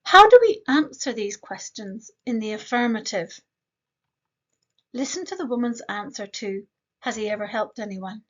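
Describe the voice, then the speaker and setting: A woman teaching an English grammar lesson, slowly modeling example sentences and asking the learner quick questions. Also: on the high side, lively intonation, fairly bright tone, highs cut off.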